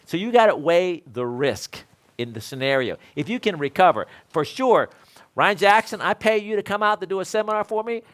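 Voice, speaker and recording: Man, instructor, storytelling, lively, a bit high. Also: normal speed. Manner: animated, acts out both sides of a story. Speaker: electrical code instructor. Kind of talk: storytelling in a panel discussion.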